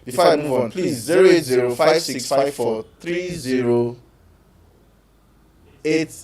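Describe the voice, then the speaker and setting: A man with a Nigerian accent hosting a live call-in show on relationships, talking in an animated way, slipping into pidgin and acting out quotes. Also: medium pitch, unhurried. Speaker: radio show host. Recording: echoey room, distant from mic.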